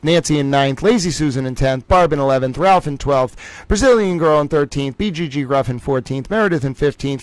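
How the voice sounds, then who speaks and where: A playful man hosts a casual livestream, joking about himself and calling out trivia rounds like a game-show announcer. His voice sits a little higher than most men's, and the sound is dry and close with no room echo. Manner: playful, jokey, self-mocking. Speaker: livestream host.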